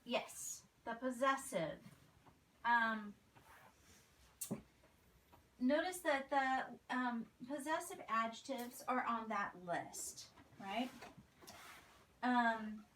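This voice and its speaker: A woman teaches a grammar lesson to her children at home, walking them through examples and checking that they follow along. Her voice is bright and a little high. She sits some way off the mic, and faint noise runs underneath. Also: extremely slow, pauses often, far from the mic. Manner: patient, explains with examples and checks with "right?". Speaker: homeschool teacher.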